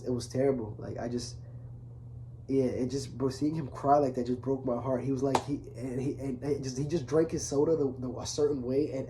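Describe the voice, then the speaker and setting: A man's voice: mid-range voice, slight background noise. Earnest young man rambling to camera. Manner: rambling, earnest, many restarts and fillers; softer and quieter when recalling his father. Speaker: vlogger. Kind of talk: casual confessional talk to camera.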